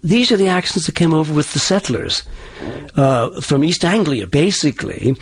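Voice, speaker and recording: Husky-voiced dialect coach, Irish-tinged. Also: male voice, fairly high pitch, lively intonation. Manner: explanatory, with halting restarts. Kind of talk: interview answers.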